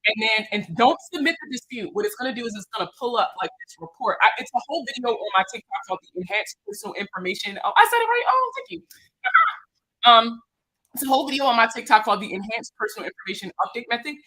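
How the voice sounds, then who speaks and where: A Baltimore-accented woman runs a casual livestream Q&A on credit. Her voice is bright, sits a touch high and carries a husky edge. She talks in an animated, slangy way and jokes with her viewers as she goes. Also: racing, poor audio. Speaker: credit repair consultant.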